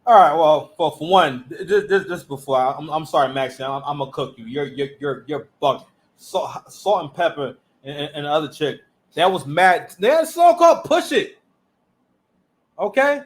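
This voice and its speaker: A man hosting a reaction commentary, animated and emphatic, talking in street slang. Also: fairly high pitch, normal speed. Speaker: commentary channel host.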